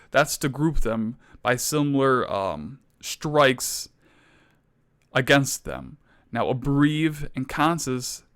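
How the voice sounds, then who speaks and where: A young man giving a mock-serious comedy lecture, ranting with exaggerated outrage that climbs toward near shouts. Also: mid-range voice.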